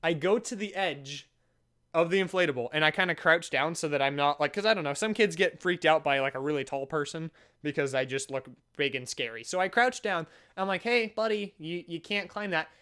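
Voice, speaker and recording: A young man telling a storytime vlog, animated and sarcastic, often stopping and restarting mid-sentence. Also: on the high side, fairly quick, clear, resonant tone. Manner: animated, sarcastic, jokey with frequent self-interruptions. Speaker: vlogger.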